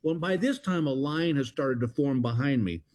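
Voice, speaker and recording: A man's voice: mid-range voice, moderate pace, darkish tone. Guy in his 60s, comedian rambling through funny stories, lots of uhs and restarts. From Texas. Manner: folksy storyteller, self-deprecating, many fillers and restarts. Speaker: comedian guest. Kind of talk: casual interview chat.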